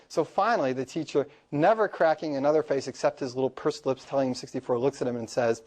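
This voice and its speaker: Animated man telling a classroom story. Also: a little high, quick pace. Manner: animated storytelling, laughs often. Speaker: lecturer.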